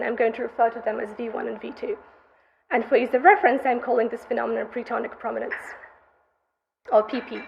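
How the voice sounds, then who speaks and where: A woman's voice: a little high, gravelly, slight background noise. A young woman, a graduate student, presenting her research in a methodical academic conference lecture, heard through a dull, muffled recording. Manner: methodical, explanatory delivery.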